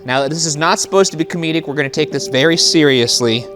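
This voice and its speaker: A man's voice: on the high side, fast. A man leads a ghost hunt through an empty old theater at night. He talks casually and swings into half-joking improv rants aimed at a ghost. Faint music plays under his voice. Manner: mock-angry improv yelling at a ghost, then apologetic. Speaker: ghost hunting show host. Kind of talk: casual ghost hunting commentary.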